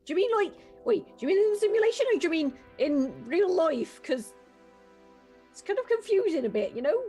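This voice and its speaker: A woman's voice: extremely high pitch, very animated, fairly quick, mellow, faint music behind. A woman playing a tabletop game, joking in and out of character with a giggly manner. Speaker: player. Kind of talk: tabletop role-play banter.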